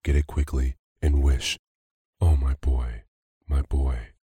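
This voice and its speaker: A man with a very deep, husky voice reading the lines of a grieving old wife, feverish and pleading. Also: fairly even intonation, takes it slowly, mellow, no echo, full character voice. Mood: frantic. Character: grieving old wife, frantic with desperate hope.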